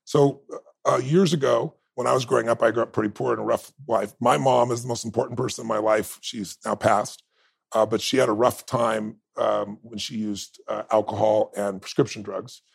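A middle-aged man, a podcast guest, telling stories in an animated, emphatic way. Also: on the low side, moderate pace, gravelly, slightly rough, no room sound. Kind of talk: storytelling interview talk.

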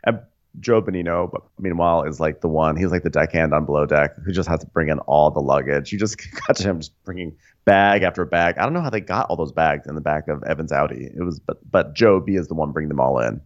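A man co-hosting a comedy recap podcast in a very deep voice, rambling through scenes with many fillers and laughs. The recording sounds a bit dull and lo-fi. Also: quick pace. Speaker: podcast co-host.

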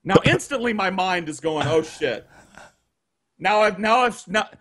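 A man telling a long story on a podcast, animated and profane, acting out the people he quotes, on a video call. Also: high-pitched, moderate pace. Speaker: guest storyteller.

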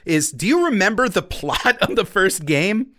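A man co-hosting a podcast in casual chat, animated, profane and jokey. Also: high-pitched, moderate pace, slight background noise. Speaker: podcast co-host.

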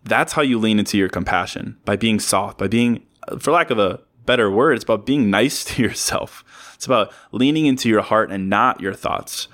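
A man speaks alone on his podcast in a fairly low voice, gently motivational and earnest. He circles back over his points, repeating words for emphasis. Now and then he breaks the sincerity with a quick self-aware joke. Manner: earnest, repetitive, joking asides. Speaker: podcast host. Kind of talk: casual motivational monologue.

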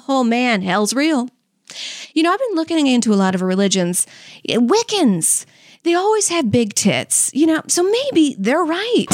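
A woman's voice: sits high, sing-song, measured pace. A young woman from Louisiana, a comedian and podcast co-host, telling candid stories in a chatty, profane way and laughing often. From Louisiana, US South. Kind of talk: candid casual storytelling with stand-up jokes.

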